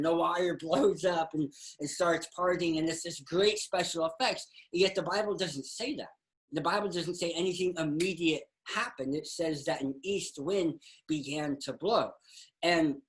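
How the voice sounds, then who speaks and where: A man's voice: a little high, rough recording. A man, a pastor and guest, telling a personal faith story in a conversational way and acting out dialogue as he goes. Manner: animated storyteller who acts out dialogue.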